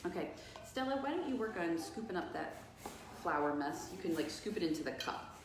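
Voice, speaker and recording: A woman's voice: on the low side, sing-song, moderate pace. A middle-aged woman casually demonstrating a recipe as host of a cat cafe live stream, chatty and playful. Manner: chatty, playful, laughs often. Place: cafe kitchen. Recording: echoey kitchen with faint noise.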